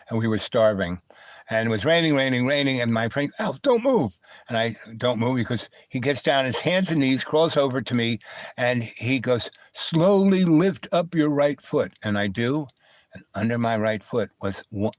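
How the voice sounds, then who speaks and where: A man's voice: medium pitch, no echo. Rambling dry-voiced man telling stories. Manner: meandering, digressive, full of asides. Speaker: live-stream host. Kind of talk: rambling personal storytelling.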